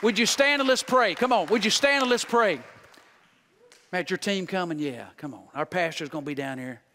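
A male guest preacher giving a revival sermon, folksy and joking, swinging from loud exhortation to hushed intensity. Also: sits high, normal speed, a faint crowd.

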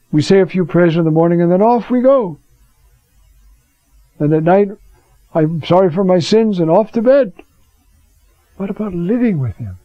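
A priest giving a conversational teaching sermon, with rhetorical questions and frequent fillers. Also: male voice, fairly high pitch, dry recording. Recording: dull lo-fi recording.

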